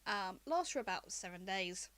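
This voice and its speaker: A woman running a tabletop game as game master, recapping the story in a relaxed, chatty way. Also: mid-range voice, normal speed, no room sound.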